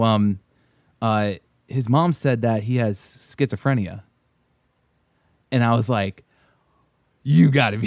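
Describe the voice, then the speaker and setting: Man guest, casual storyteller, swears and laughs a lot, dry close mic, mid pitch. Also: darkish tone, no room sound. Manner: rambling, swearing, laughing while telling; acts out quoted voices. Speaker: podcast guest telling a story. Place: podcast studio.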